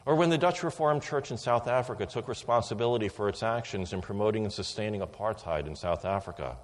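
A man's voice: fairly low pitch, fast. Man preaching in a reverberant church. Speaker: pastor. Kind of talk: sermon.

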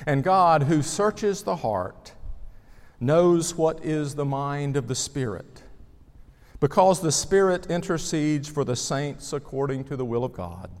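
A male pastor delivering a measured sermon, reading scripture and praying, letting his phrase ends fall away softly. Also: mid-range voice, very animated. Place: church sanctuary. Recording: long reverb of a church sanctuary.

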